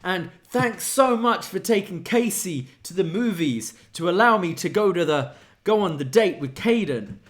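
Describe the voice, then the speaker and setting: A man voicing a naive, lovesick young male wrestler in a high, eager way while retelling a wrestling show segment. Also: animated, normal speed, few pauses. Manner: high, eager, wide-eyed delivery.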